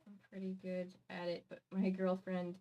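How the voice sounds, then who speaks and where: A woman's voice: lowish voice, completely flat delivery, normal speed, lo-fi sound. A woman co-hosting a casual stream, chatting and relaying viewer comments in long, rambling explanations. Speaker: stream co-host reading chat. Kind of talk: casual chat.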